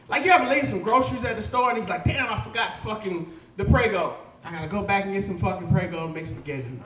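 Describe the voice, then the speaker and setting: A young man performing stand-up on a comedy club stage, telling profane stories loudly and shouting his punchlines. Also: very high voice, slight background noise. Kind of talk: live stand-up set. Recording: echoey live club room.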